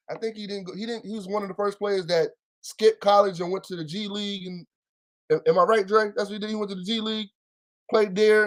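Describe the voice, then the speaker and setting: A man co-hosting a sports talk show, ranting with heavy profanity and emphatic repetition. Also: high voice. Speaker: podcast co-host. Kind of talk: casual sports chat.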